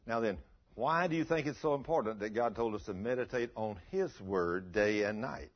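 A man preaching a sermon, folksy and storytelling, swinging between soft and loud. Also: lowish voice, expressive, normal speed. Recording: dull lo-fi recording.

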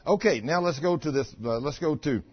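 A pastor, preaching and telling personal stories in a folksy, chatty way with stammering restarts. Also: male voice, fairly high pitch, a little fast, husky. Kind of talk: sermon with personal storytelling. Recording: muffled lo-fi recording.

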